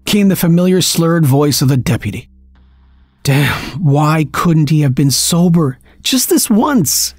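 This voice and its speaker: A man narrating a first-person story in a steady, tense storytelling manner. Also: on the high side, measured pace, husky, dry recording. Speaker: audiobook narrator.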